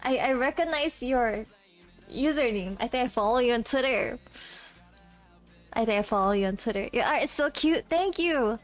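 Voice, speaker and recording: A woman's voice: on the high side, lively intonation, moderate pace, faint music behind. A young woman streamer chatting casually with viewers, reading out chat, giggling often and a little self-conscious.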